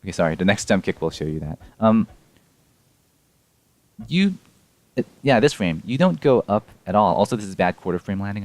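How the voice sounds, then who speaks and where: A man's voice: fairly low pitch, animated, measured pace, long pauses, a little mellow, dry recording. A young man casually explaining his game run frame by frame, rambling and correcting himself with small laughs. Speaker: speedrun player explaining a tool-assisted run.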